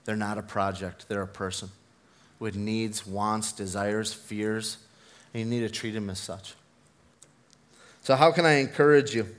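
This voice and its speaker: This preacher's voice sits on the low side, steady in tone, with an unhurried pace and long pauses. His sermon is earnest and climbs toward fervent emphasis, and he mixes in personal anecdotes with self-deprecating laughter.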